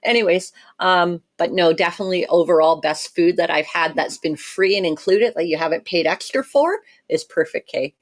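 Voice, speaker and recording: A woman's voice: fairly low pitch, moderate pace, hardly any pauses. A middle-aged woman from Canada co-hosting a casual cruise livestream, chatty and laughing often as she reads viewer comments.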